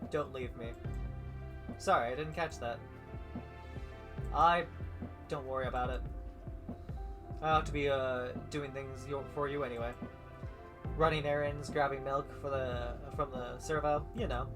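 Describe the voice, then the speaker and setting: A man's voice: mid-range voice, fairly even intonation, measured pace, long pauses, over music. A man streaming a visual novel, reading every character's lines and the narration himself, stumbling now and then and adding his own asides.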